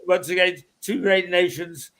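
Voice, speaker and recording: Man hosting a radio show; halting, chuckling, chatty delivery. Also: high voice, a loud crowd. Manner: halting, many restarts and chuckles. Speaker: radio presenter. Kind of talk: casual on-air chat.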